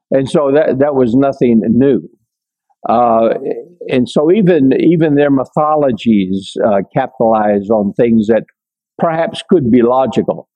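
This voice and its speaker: An older man giving a conversational Bible lesson, reading scripture aloud and breaking off to explain it, with frequent pauses and check-ins with his listeners. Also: mid-range voice, mellow, low-quality recording. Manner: many fillers and restarts, checks in with listeners. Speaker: Bible teacher.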